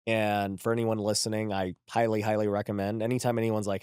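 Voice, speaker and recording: A man in his thirties hosting a casual interview, affirming his guest and wrapping up with a relaxed plug. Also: lowish voice, a little fast, smooth, no room sound, studio quality. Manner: affirming, short backchannels, relaxed promo wrap-up. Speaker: podcast host.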